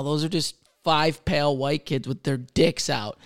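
Man, 30s, solo chat host; sarcastic, crude, self-mocking, a touch higher-pitched, with a smooth clear voice. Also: fairly even intonation, measured pace. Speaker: server, solo podcaster. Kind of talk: casual solo chat answering question cards.

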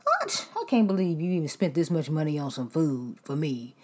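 Ungrateful complainer, whiny, exasperated, loud, husky, as a woman puts her on. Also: sits low, huge pitch swings, moderate pace, full character voice.

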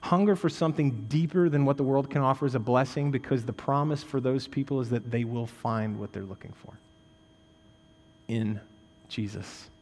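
A male pastor preaching a sermon in a conversational way, tossing in "right?" asides and jokes, swinging from raised, intense emphasis to quiet, low stresses. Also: normal speed, in a large hall.

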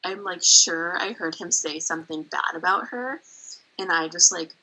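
A woman's voice: on the low side, normal speed, pushed and bright, rough recording. A young woman guest in a casual chat, telling stories candidly and swearing casually. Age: young adult.

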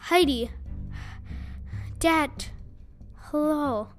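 A woman's voice: high-pitched, drawn-out words, faint music behind. A woman voicing a frightened young woman in labor who pleads in a faint, breathless way. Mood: faint, delirious.

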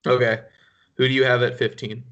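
A man's voice: medium pitch, level tone, a little fast, a bit bright, dull audio. A man co-hosting a casual podcast, rambling and often breaking into laughter mid-sentence. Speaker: podcast co-host.

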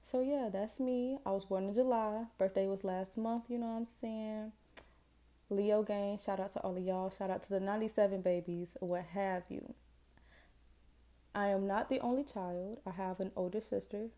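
A woman's voice: medium pitch, fairly even intonation, moderate pace, warm tone. A woman in her twenties from Jacksonville, Florida, with a Southern accent, chatting casually and slangily as she hosts her own podcast. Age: 20s. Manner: chatty, rambling, self-deprecating, slangy. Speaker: podcast host. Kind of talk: casual solo podcast chat.

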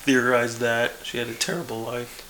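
A man co-hosting a podcast in casual chat, wry and jokey, quick to laugh. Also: mid-range voice, level tone, bright, forceful tone, slight background noise, poor audio. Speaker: podcast co-host.

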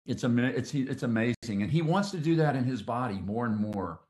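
A man's voice: mid-range voice, animated, a little mellow. Earnest man telling his testimony, echoey room. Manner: earnest, emotional, halting with restarts. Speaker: podcast guest. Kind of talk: heartfelt testimony storytelling.

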